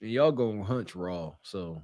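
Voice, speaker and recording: A man's voice: fairly low pitch, expressive, a little slow, darkish tone, no echo. A man co-hosting a podcast, giving blunt, mocking dating commentary. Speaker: podcast co-host. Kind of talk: casual commentary.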